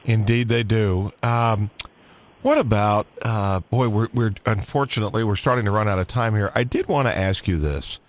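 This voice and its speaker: A man's voice: lowish voice, moderate pace. A man hosting a radio interview, asking eager questions that often stumble and restart. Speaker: radio host.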